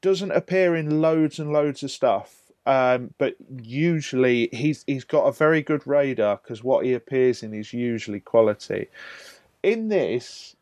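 Incredulous podcast host. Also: male voice, medium pitch, lively intonation, measured pace, darkish tone, no room sound. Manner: jokey, incredulous, emphatic. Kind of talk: casual film discussion.

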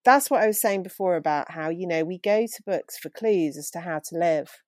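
A woman talking about books in a relaxed chat, thoughtful and self-deprecating, laughing easily. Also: on the low side, normal speed, dry recording. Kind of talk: casual book chat.

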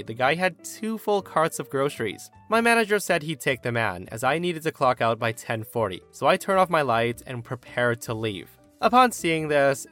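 A man narrating online stories aloud to his listeners, expressive and emphatic, often calling them guys. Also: mid-range voice. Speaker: story narrator.

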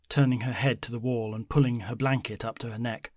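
Measured man narrating a horror story. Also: fairly even intonation, darkish tone, no room sound, studio quality. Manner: measured, low-key storytelling.

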